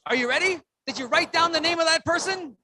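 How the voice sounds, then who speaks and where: A keynote speaker at a conference who leads the audience through call-and-response and counts, breaking into loud shouts to rouse them. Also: very high-pitched, fast talker, a little hiss or hum. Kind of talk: motivational speech with audience participation. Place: conference room with a live audience.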